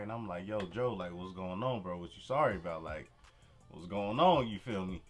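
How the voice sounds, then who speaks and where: A man's voice: low-pitched, moderate pace. A young man casually telling a personal story to camera, full of slang and "you feel me" asides, with faint music behind. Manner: relaxed street slang, frequent "you feel me". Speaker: vlogger.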